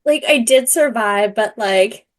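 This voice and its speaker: A woman's voice: fairly high pitch, a little slow. A young woman co-hosting a book podcast, casual and teasing with sarcastic asides. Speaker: podcast co-host.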